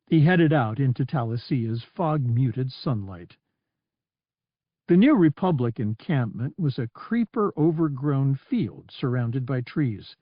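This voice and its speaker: A man's voice: medium pitch, no room sound. Man narrating an audiobook in dry sound. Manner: even, descriptive reading. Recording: dry, slightly dull audio.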